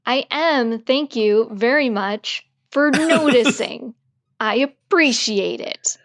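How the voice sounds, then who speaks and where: A woman co-hosts a comedy podcast with a wry, playful manner. Her voice is fairly high, and she speaks slowly and unhurriedly. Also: dry recording, clean studio sound. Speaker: podcast co-host.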